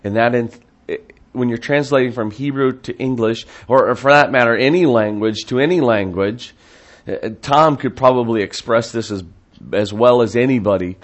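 This Bible teacher's sermon comes in a medium-pitched voice at normal speed. He keeps it conversational, often restarting and wandering into asides, and his voice rises with emphasis whenever he quotes scripture.

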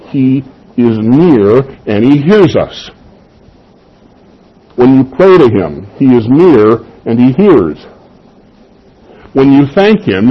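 Husky-voiced man preaching a sermon. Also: medium pitch, muffled recording. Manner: emphatic, with rhetorical questions and soft chuckles. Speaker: pastor.

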